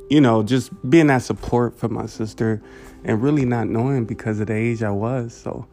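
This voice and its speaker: A man with a low, level voice recounts a hard family memory, pausing often and leaning on "you know" and "um". His delivery stays flat and unhurried, with faint music under him. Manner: halting, many fillers and "you know". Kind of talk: personal storytelling.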